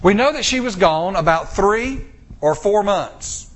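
An American man preaching a sermon, retelling a scripture story with drawn-out pauses and acted-out character lines. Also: sits high. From United States. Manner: storytelling, acting out characters' lines in lively voices.

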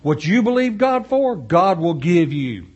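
Male pastor, slightly higher pitch, folksy animated sermon delivery with story asides. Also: measured pace, slightly rough, dull audio.

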